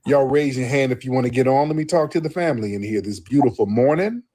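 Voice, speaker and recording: A man hosting a live call-in show, talking loosely and emphatically with drawn-out affirmations. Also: mid-range voice, dark tone. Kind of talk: casual live call-in talk.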